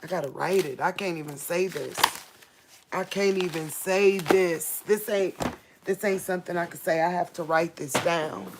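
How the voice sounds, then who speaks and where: A woman reading Bible verses aloud with solemn emphasis, pausing to talk casually and excitedly to her viewers. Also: on the low side, noisy background. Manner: reads scripture slowly and solemnly, breaking off to talk to viewers. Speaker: religious video host. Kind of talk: informal Bible reading and commentary.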